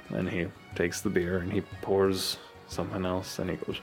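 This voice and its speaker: A man narrating as game master of a tabletop game, lively and halting, with many fillers. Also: low voice, vocal fry, soft background music.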